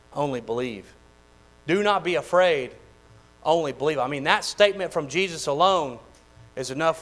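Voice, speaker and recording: A man, preaching a sermon in a folksy, animated way with lots of repeated phrases. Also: fairly high pitch, low-quality recording. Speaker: pastor.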